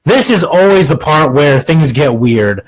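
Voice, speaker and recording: Young male podcast host, husky and fairly high, sarcastic comic monologue. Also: expressive, unhurried, low-quality recording. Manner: crude, sarcastic, restarts lines.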